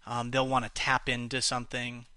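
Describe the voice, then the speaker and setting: A man's voice: mid-range voice, completely flat delivery, moderate pace, sharp tone, clean tone, no room sound. A man teaching a lesson on how to speak to different kinds of buyers, explaining and acting out example phrases, with some restarts. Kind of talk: spoken lesson on communication styles.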